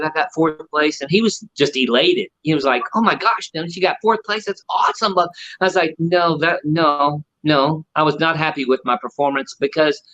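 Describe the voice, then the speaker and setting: A man's voice: fairly high pitch, slight background noise. A middle-aged man, a ventriloquist, telling stories in an interview and acting out the voices of the people in them. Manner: animated storyteller acting out quotes. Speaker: ventriloquist guest. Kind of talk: storytelling interview. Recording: muffled lo-fi audio.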